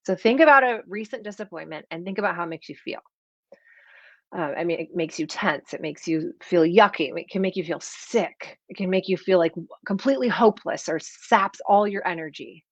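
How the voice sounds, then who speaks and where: A woman in her thirties coaching an online audience in a chatty, animated way, her voice sitting fairly low. The sound is dry and close, with a slightly dull, lo-fi edge from a home setup. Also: fairly quick, no room sound. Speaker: performance coach.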